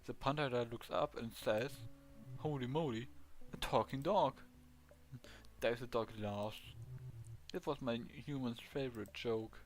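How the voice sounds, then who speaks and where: A man's voice: medium pitch, a little slow, a little hiss or hum, natural voice. A man with a German accent reading the lines of a cheerful, eager male ghost dog in a video game. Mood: joking. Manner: earnest, eager, simple phrasing.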